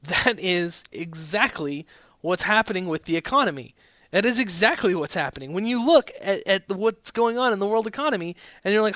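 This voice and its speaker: Male podcast host, higher-pitched, opinionated rambling commentary. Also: moderate pace, a bit bright, no room sound. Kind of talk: casual political commentary.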